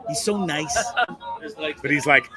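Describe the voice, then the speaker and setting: A man's voice: on the high side, a little slow, crowd noise. A man hosting a live online show, casually commenting on viral videos in a profane, laughing, rambling way at a computer mic.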